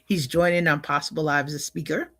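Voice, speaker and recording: A woman's voice: low voice, steady tone, fast, fairly bright tone, no echo. An older woman hosting a livestream in a casual, upbeat way, often laughing and greeting viewers by name. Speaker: livestream host.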